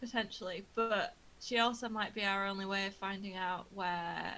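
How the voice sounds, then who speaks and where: A woman's voice: medium pitch, flat delivery, normal speed, sharp tone, poor audio. A woman playing a tabletop game, talking hesitantly with many fillers and giggles. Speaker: player. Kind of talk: casual tabletop game play.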